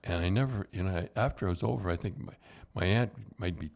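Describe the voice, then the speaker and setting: An older man, a podcast host and former coach, telling hockey stories in a rambling, halting way with chuckles. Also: sits low, gravelly, a little mellow. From Canada. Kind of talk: casual storytelling.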